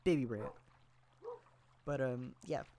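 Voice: mid-range voice, slow pace, warm tone, a little hiss or hum. A gameplay commentator chatting casually and playfully to viewers, rambling, giggling often and joking about themself.

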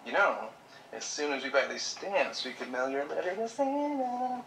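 A broke, gentle young dad. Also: male voice, on the high side, big pitch swings, moderate pace, a little hiss or hum, poor audio. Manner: warm reassuring, playful with his daughter. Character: caring, broke young father, gentle and jokey. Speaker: struggling single dad. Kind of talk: web drama acting.

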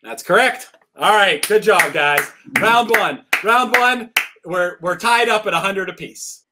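A man hosting a live trivia podcast event, reading questions and scoring answers with quick restarts. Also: sits high, background noise. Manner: lively, stumbles and restarts, laughs between answers. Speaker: trivia quiz host.

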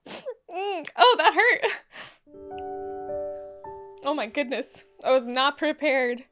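High-voiced young woman reacting to anime. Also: very animated, slow pace, a bit bright, faint music behind. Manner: emotional, exclamatory, thinks aloud with many "like"s. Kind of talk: casual reaction commentary.

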